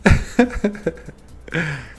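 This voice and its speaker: A man's voice: fairly high pitch, very animated, very slow, faint music behind. A man talking casually to his viewers on a livestream, answering chat and laughing often. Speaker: streamer chatting with viewers while painting.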